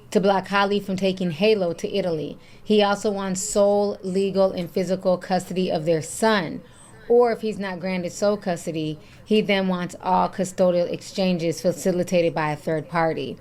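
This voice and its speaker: Low-voiced woman reading celebrity gossip. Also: steady tone, normal speed, darkish tone. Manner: reads text messages aloud, then remarks. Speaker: reaction video host. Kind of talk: reading gossip news and commenting.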